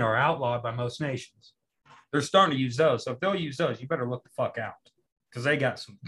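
Young dude talking blunt, lotta swearing, jokey. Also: male voice, mid-range voice, a bit bright. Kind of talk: casual chat.

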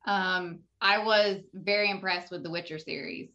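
A woman on a casual podcast, talking hesitantly with many ums and a deadpan humor. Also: lowish voice, moderate pace, highs cut off. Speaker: podcast co-host. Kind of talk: casual chat.

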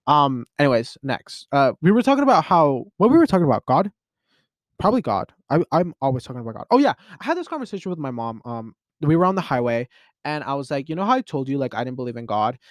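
A twenty-year-old man hosting a podcast from his closet, rambling in a casual solo monologue full of "like" and restarts, with excitable jumps in pitch. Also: quick pace, no echo, studio quality. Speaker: podcast host.

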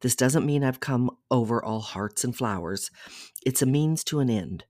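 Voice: medium pitch, expressive, normal speed, a little mellow, dry recording, clean studio sound, close to an everyday voice. A reader voicing an intense, controlling young man. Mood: persuasive.

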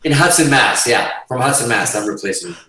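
A middle-aged man telling an animated, profanity-laced story in casual chat, often laughing as he talks. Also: mid-range voice, fairly quick, very echoey, distant mic, over a noisy crowd, rough recording. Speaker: guest guitarist telling a story.

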